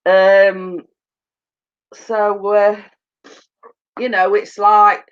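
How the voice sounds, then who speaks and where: Lady nattering away slow on a stream, keeps cracking up, kinda muffled lo-fi sound. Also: mid-range voice, level tone, clear, resonant tone. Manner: chatty, laughs often, gossipy storytelling. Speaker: YouTube live streamer. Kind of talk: casual chat with viewers. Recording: dull lo-fi sound.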